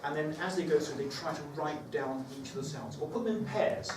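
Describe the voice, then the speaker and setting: A man's voice: on the high side, fairly quick. A man leading a teacher training session, talking conversationally and thinking aloud with fillers. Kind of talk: workshop talk to teachers. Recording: echoey room, far from the mic, background noise.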